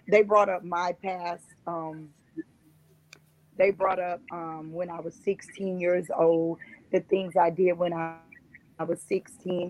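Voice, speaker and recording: A woman's voice: lowish voice, darkish tone, rough recording. A woman guest on a talk show, earnestly recounting a personal experience and often repeating herself. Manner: earnest, repetitive storytelling.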